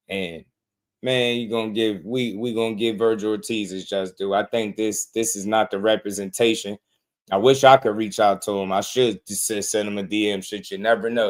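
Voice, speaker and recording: A man hosting a boxing channel, ranting in casual commentary, repeating himself and calling listeners bro. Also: fairly low pitch. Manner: animated, repetitive, slangy, calls listeners bro.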